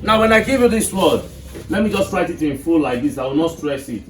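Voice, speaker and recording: Recorded from across an echoey room, a Nigerian man with a high voice teaches English to a class, regularly stopping to check his students understand. He's animated and brisk, with slight background noise, and the audio sounds distant and roomy, not close or dry.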